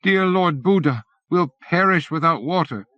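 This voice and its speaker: A man's voice: a little high, expressive, measured pace, no echo, pitched above the performer's own voice. A man reading an audiobook, voicing a quavery old man. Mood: pleading. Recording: dull lo-fi cassette.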